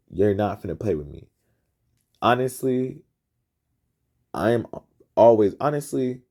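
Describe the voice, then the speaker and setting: A man hosting a podcast, ranting in a profane, emphatic and repetitive way, his pitch jumping up as he gets excited. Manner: rising pitch when excited. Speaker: podcast host. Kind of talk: heated storytelling rant.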